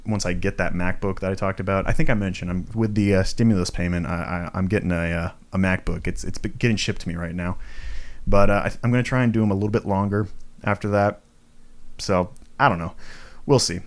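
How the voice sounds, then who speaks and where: Young man, podcast host, solo rant, low-ish voice, swears a lot, lots of fillers. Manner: ranting, swears freely, frequent fillers and self-mocking asides. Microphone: home recording setup, tripod for video.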